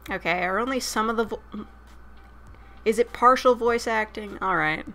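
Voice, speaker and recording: A woman's voice: on the high side, normal speed, sharp tone. A woman streaming a dating sim, chatting casually, swearing freely and reading the game text aloud between her asides. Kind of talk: casual gameplay commentary.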